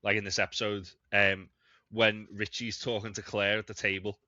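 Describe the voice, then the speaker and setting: A man's voice: on the low side, flat delivery, moderate pace, sharp tone, no echo, muffled recording. A man co-hosting a TV review podcast, chatting casually, swearing freely and restarting his sentences. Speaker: podcast co-host.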